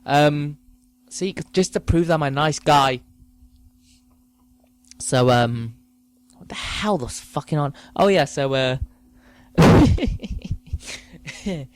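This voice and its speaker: A man's voice: on the high side, drawn-out words, pauses often, smooth, no echo. A man hosting a comedy podcast, ranting profanely about trivial things. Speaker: podcast host. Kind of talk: comedic rant.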